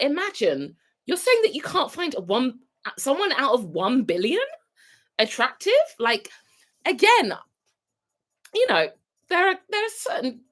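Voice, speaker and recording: British woman rambling on a live stream, chatty, voice bouncing all over. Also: fairly high pitch. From United Kingdom. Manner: chatty, rambling, wanders off topic. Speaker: vlogger hosting a live stream. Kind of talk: casual chat to viewers.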